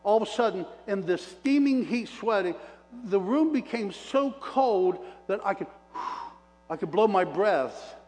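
A man preaching his testimony as an animated storyteller, folksy and plain-spoken, calling out to the congregation. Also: sits high, a little slow. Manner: animated storyteller with preacher call-outs to the crowd; folksy self-described redneck talk. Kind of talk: sermon testimony. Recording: long reverb of a large hall.

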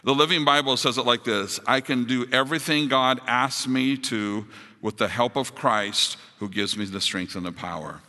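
A man preaching a sermon as pastor, building to emphatic high points and dropping to soft, quiet appeals. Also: moderate pace, long reverb tail. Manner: rises to emphatic peaks, drops to soft closing appeals.

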